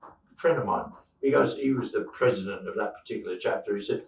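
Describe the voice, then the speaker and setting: A man's voice: lowish voice, fast talker, vocal fry, far from the mic. A man in his seventies telling bawdy, rambling anecdotes as a podcast co-host. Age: 70s. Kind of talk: casual chat, storytelling. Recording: echoey room, away from the mic.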